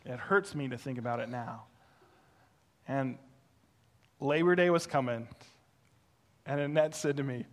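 A male pastor preaching through a personal story, animated and self-deprecating, acting out the voices he quotes. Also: mid-range voice, unhurried, long pauses. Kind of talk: sermon storytelling.

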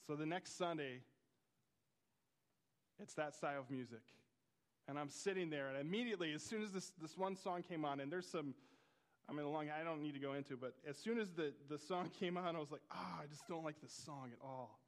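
A man's voice: a little high, a little fast. A man, a pastor preaching a sermon in a conversational, storytelling way. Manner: conversational storytelling with quoted dialogue.

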